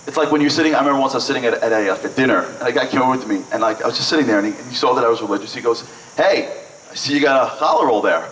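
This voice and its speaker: A man from Brooklyn, telling lively, joking stories to an audience with lots of "like"s. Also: medium pitch, very fast, hardly any pauses, slight background noise. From Brooklyn, New York. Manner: lively, joking, chatty with many "like"s. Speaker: event speaker. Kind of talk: storytelling speech to an audience. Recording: echoey hall, mic at a distance.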